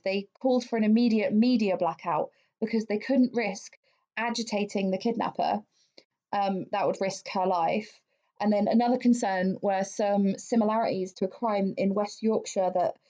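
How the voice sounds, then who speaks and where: A woman's voice: medium pitch, mellow. A woman, co-hosting a podcast and recounting a true-crime case in a chatty, swear-laden way. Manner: chatty, swears freely, many fillers. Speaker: podcast co-host. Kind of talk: casual true-crime storytelling. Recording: dull lo-fi sound.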